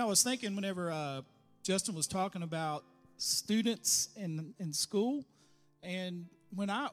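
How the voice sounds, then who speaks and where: A man in his fifties sharing a conversational personal testimony in church, reminiscing about growing up. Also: sits high. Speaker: church member leading prayer. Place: church sanctuary.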